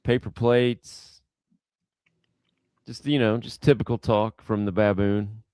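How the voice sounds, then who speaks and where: A man co-hosting a livestream, reading viewer messages and teasing the host with quick, chuckling comebacks. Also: lowish voice, steady tone, a little mellow, clean tone, dry recording, clean studio sound. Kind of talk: casual livestream chat.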